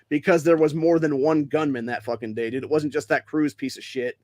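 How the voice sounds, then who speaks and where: A man's voice: fairly high pitch, fairly even intonation, fairly quick, hardly any pauses, a little mellow, dry recording, clean studio sound. A man from Ohio hosting a podcast, ranting with constant swearing and rambling asides full of dude and bro. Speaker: podcast host. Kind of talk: profane rant and casual monologue.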